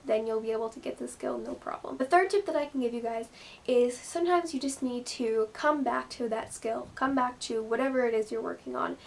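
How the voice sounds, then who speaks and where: A woman's voice: fairly high pitch, vocal fry. A woman giving casual gymnastics advice in a chatty vlog style, full of "like" and "you know". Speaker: gymnast vlogger.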